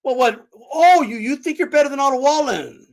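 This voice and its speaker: A man's voice: extremely high pitch, fairly quick, gravelly. A man streaming live, ranting heatedly and mockingly about boxing with constant profanity.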